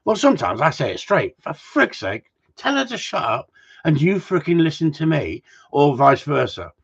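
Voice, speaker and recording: Man, gundog trainer, husky, animated and sweary, dull lo-fi sound. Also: fairly high pitch, normal speed. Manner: animated, swears freely, frequent restarts. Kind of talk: casual chat, storytelling. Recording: dull lo-fi recording.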